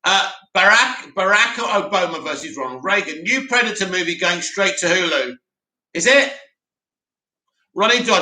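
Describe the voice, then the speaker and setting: High-pitched, animated live stream host. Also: male voice, moderate pace. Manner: animated, opinionated, rambling. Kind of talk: casual live chat reading. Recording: roomy echo.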